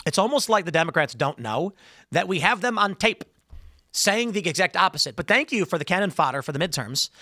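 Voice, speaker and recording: A man hosting a political commentary show, talking in a sarcastic, rambling way with animated asides on a close mic. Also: fairly high pitch, no room sound. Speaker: host.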